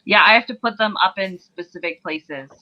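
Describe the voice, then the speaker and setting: A woman's voice: medium pitch, moderate pace. A married woman in a casual podcast chat, firmly opinionated and laying out her rules. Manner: opinionated, lays down firm stipulations. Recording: muffled lo-fi mic.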